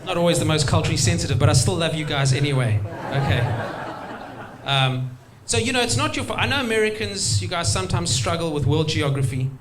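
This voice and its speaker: A man's voice: fairly high pitch, expressive, a little fast, background noise. A man doing a chatty stand-up set, often laughing at his own jokes. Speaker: stand-up comedian. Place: stage at a live comedy show.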